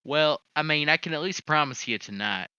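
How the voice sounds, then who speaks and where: A man's voice: a little high, animated, brisk, bright, forceful tone, clean tone, highs cut off. A man playing a tabletop character in a casual, easygoing way. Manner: casual, laughing between lines. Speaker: player.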